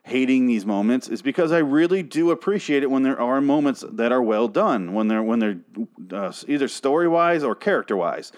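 A man hosting a solo podcast, ranting about a TV episode in a profane, exasperated and sarcastic way. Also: mid-range voice. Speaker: podcast host reviewing a TV show.

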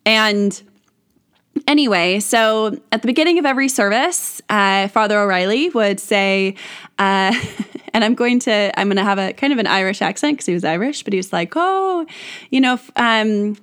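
A woman's voice: mid-range voice, moderate pace, fairly bright tone, clean tone. Rambling woman podcast host. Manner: rambling, many restarts and fillers, laughs often. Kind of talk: casual solo monologue.

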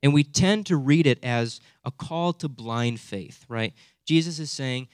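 A young man preaching with animated, conversational energy, regularly tossing quick asides to his listeners. His voice sits at an ordinary middle pitch, and the recording is close and dry, with no room echo. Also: clean tone. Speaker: pastor. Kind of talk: sermon.

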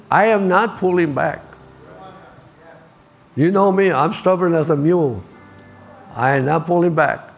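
A man's voice: a little high, gravelly. An older man preaching a sermon, telling stories and repeating key lines for emphasis.

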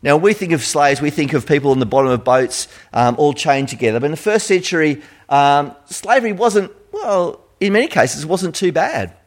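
A man's voice: on the high side, lively intonation, normal speed, hardly any pauses. A middle-aged Australian man giving a sermon in a conversational style, full of rhetorical questions. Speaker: preacher.

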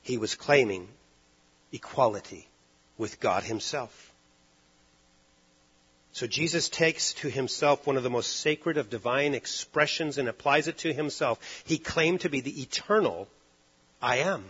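A man preaching a sermon, driving points home with loud stresses and then dropping to hushed, low lines. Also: a little slow, long pauses, slightly rough, muffled recording.

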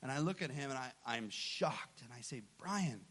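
A man in his thirties, a pastor, preaching a sermon and telling a personal story, acting out the dialogue with lively energy. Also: mid-range voice, moderate pace, creaky, few pauses.

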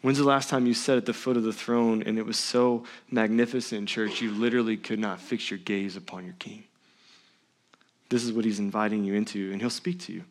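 A man preaching a sermon as pastor in a church, swinging between loud emphatic lines and hushed near-whispers. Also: fairly low pitch, fairly even intonation, fairly quick.

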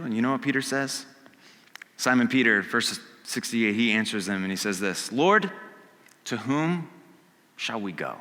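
A man preaching a casual, conversational sermon. He acts out quotes and swings from hushed to loud. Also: medium pitch, long reverb tail. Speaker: pastor. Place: church sanctuary.

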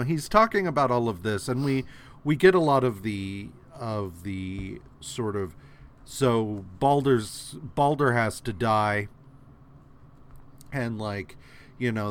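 In a loose, comic recap chat, this male podcast co-host rambles through a story with plenty of fillers and profanity. His voice is fairly low, with a little hiss or hum in the background.

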